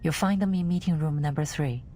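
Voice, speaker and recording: A woman voicing a cool, formal administrator in a game, speaking in a calm, businesslike way. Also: low voice, brisk. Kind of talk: game voice acting.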